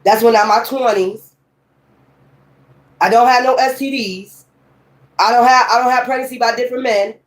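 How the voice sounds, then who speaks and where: A woman's voice: a little high, steady tone, normal speed, long pauses. Blunt, profane woman in her fifties. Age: 50s. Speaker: tarot reader. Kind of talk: tarot reading with ranting commentary.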